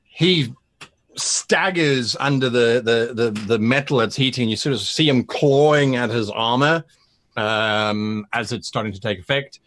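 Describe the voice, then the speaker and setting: A man's voice: mid-range voice, a little slow, a bit bright. Man narrating as game master. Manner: stammering repetitions while narrating.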